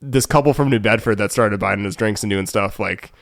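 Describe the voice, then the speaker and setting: A man's voice: fairly low pitch, brisk, gravelly, no room sound, clean studio sound. A young man with a New England accent, co-hosting a podcast and rambling through a story in casual chat, full of fillers and restarts. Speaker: podcast co-host.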